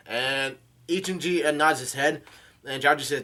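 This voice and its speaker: A man host reading through a comic chapter casually, in a halting way, stumbling over names and adding his own asides. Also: a little high, pushed and bright. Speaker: manga reader and channel host.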